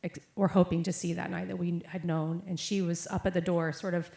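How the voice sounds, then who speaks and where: A young adult woman preaches a sermon built around a personal story, told casually with many fillers and quoted voices. Her voice is fairly low, gravelly, and darkish, with a flat, brisk delivery. The recording is in an echoey hall.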